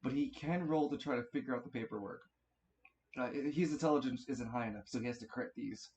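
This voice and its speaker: A man's voice: mid-range voice, fast, a little mellow. Swearing male game master. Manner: swears freely, stumbles and restarts. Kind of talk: narrating a tabletop game.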